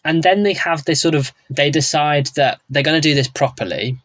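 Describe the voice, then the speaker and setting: A man co-hosts a podcast in relaxed conversation, chatty and given to wry asides. His voice sits in an ordinary middle pitch. The recording is dry and close, with no room sound. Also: fairly quick, hardly any pauses, dry recording, low-quality recording. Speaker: podcast co-host. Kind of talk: casual chat.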